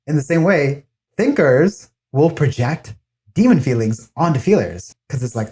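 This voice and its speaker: Animated man in casual commentary. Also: normal speed. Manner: animated, acts out quoted voices with big pitch jumps.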